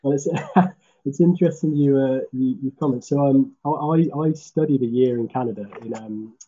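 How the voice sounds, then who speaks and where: Brummie man, police officer guest, laid-back and rambling; very dark, husky tone; muffled video-call audio. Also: medium pitch, normal speed. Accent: Birmingham (Brummie). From Birmingham, England. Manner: relaxed, chatty, with frequent restarts. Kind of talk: casual interview over video call.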